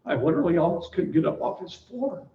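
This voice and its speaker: A man's voice: fairly high pitch, sing-song, brisk, gravelly. A man speaking to a live class, telling a personal story and acting out the dialogue, often laughing along. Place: large echoey room with audience. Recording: echoey room from far off, dull lo-fi.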